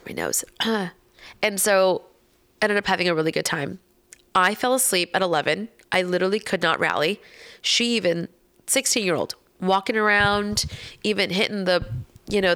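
Chatting casually on a podcast, a woman tells a story with lots of animation and laughter, acting out the voices of those she quotes. Her voice is fairly low-pitched with vocal fry.

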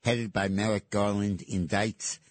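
Low husky-voiced male talk radio host. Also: steady tone, unhurried. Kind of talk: political talk radio commentary.

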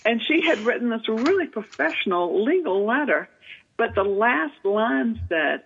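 A woman, telling an animated story as an author and literary agent guest in an interview, with many fillers. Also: on the high side, a little slow, slight background noise. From Southern United States. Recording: tinny phone-line radio sound.

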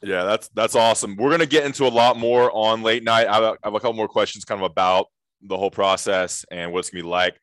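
A man's voice: fairly low pitch, steady tone, quick pace, fairly bright tone, no room sound. A man hosting a podcast in an easygoing way, moving the conversation along. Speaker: podcast host. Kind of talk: casual podcast chat.

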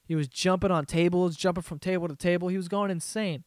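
Young male podcast host, loose profane storyteller, slightly high voice, dry mic. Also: steady tone, fast talker, no room sound. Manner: profane, rambling storyteller with frequent laughs. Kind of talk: casual solo comedy podcast rant.

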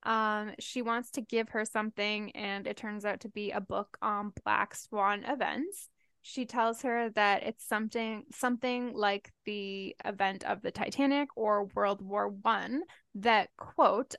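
A woman's voice: mid-range voice, fairly even intonation, unhurried, gravelly, a bit bright, smooth, dry recording, studio quality. A young woman co-hosting a book podcast in casual chat, laughing often and swearing freely as she recaps chapters. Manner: chatty, swears and laughs easily.

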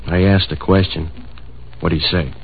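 An actor playing a menacing male hoodlum in a 1940s radio drama, blunt, clipped and low. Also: steady tone, normal speed, gravelly, slightly rough, exaggerated voice. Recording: tinny 1940s radio broadcast.

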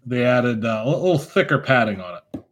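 A man co-hosting a casual podcast chat over drinks, animated, laughing often and trailing off with ums. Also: mid-range voice, brisk, slight background noise. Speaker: podcast co-host.

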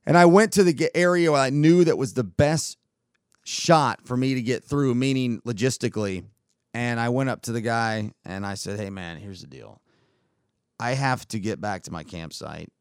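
A man hosts his own podcast, telling a long festival story in a rambling, animated way and acting out the dialogue with quoted lines. His medium-pitched voice is clear and resonant at a moderate pace, recorded at studio quality with no echo.

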